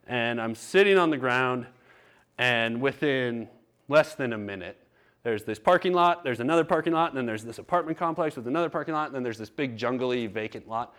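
A man's voice: medium pitch, brisk, fairly bright tone. A man preaching a sermon, telling a candid personal story in a conversational way. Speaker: pastor.

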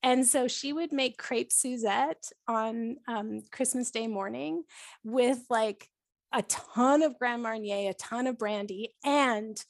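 Chatting casually on a podcast where she's the one being interviewed, a Canadian woman in her forties shares stories full of fillers and frequent laughter. She speaks slowly in a slightly high voice. The sound is dry and clean, like a studio.

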